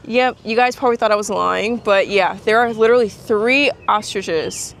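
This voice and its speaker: A woman's voice: medium pitch, moderate pace, vocal fry, few pauses, a bit bright, a little hiss or hum. A woman casually vlogging outdoors on her phone, laughing often and gushing over animals, out of breath from walking. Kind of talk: casual vlog chat. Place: outdoors near a lake. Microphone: phone held while walking.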